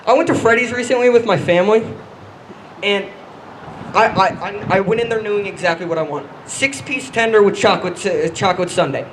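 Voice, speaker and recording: A young man performing a stand-up comedy set, halting and self-deprecating, often stumbling and restarting his lines. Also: sits high, a little hiss or hum, rough recording.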